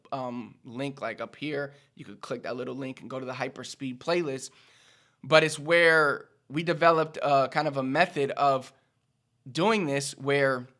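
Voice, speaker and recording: Chatty man with a bright voice. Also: mid-range voice. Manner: chatty, repetitive, acts out quick casual speech. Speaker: language teacher, channel host. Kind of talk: casual video lesson to camera.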